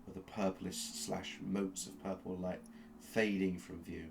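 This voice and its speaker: A man narrating a tabletop game as game master, telling the story slowly and with suspense, often restarting his sentences. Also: low-pitched, little pitch movement, creaky, a little hiss or hum. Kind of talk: dramatic second-person narration of a tabletop game.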